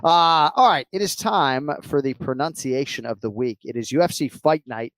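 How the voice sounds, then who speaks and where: A man's voice: medium pitch, moderate pace, a bit bright, no echo. A man hosting a sports podcast, joking around and swearing casually while he runs the segments. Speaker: podcast host.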